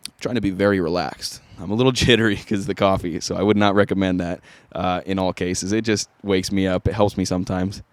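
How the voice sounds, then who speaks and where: A man with a fairly low voice talks through a vocal lesson in a relaxed, casual way. The sound is dry and close, with no room echo. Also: quick pace. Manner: casual, easygoing instruction. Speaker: vocal coach. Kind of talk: singing tutorial.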